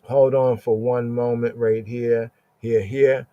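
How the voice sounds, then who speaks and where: A man in a mid-range voice teaches scripture on a livestream podcast. He talks very slowly and feels his way through each verse. He keeps checking in with "right?" and repeating words as he goes. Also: mid-range voice, little pitch movement, mellow, dry recording, muffled recording. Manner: slow, searching delivery, keeps asking "right?" and repeating "here, here". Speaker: podcast host and Bible teacher.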